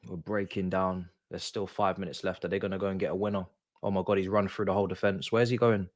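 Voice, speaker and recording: A man's voice: sits low, flat delivery, fast talker, a little mellow, no echo. A young man, streaming a football watch-along and reacting with sighs, swearing and exasperated grumbling. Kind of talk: live match reaction.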